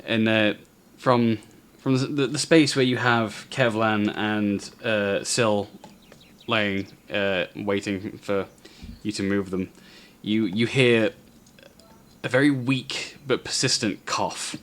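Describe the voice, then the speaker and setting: A man narrating a tabletop game as game master, telling the scene in an unhurried, descriptive way. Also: lowish voice, steady tone, fairly bright tone, a little hiss or hum.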